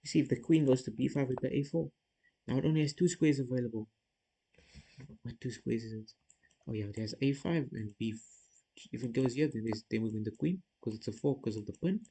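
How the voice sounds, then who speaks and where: A man's voice: mid-range voice, fairly quick, mellow, husky, low-quality recording. A man streaming chess, thinking aloud as he works through puzzle moves and talks casually to his viewers. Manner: self-critical, talks to viewers.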